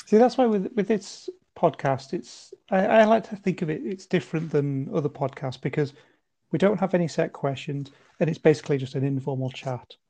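A man hosting a podcast, asking open questions in a relaxed, informal chat. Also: fairly high pitch, brisk, no room sound. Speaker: podcast host. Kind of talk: casual interview chat.

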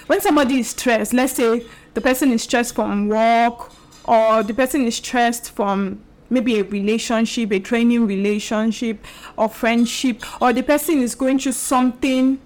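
A woman's voice: a little high, steady tone, normal speed, darkish tone. A young woman hosting her own show, talking casually and chattily to her viewers, with fillers and the odd laugh. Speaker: podcast and video host. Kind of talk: casual solo talk to camera.

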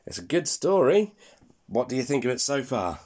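A man reading a bedtime story aloud, expressive and playful. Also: mid-range voice, moderate pace.

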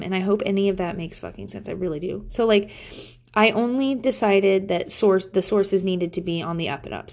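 A woman's voice: mid-range voice, darkish tone. A woman in her thirties talking casually to camera as a parent, candid and profane, rambling with lots of fillers. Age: 30s. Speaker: parent vlogger.

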